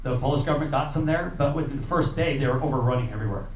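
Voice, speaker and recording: Speaking rapid-fire in a voice on the high side, a man describes a refugee relief trip to people at a meeting. His informal account is sincere but wandering, with frequent fillers and false starts. Captured in a meeting room, the audio is roomy, distant and muffled, with a faint hiss.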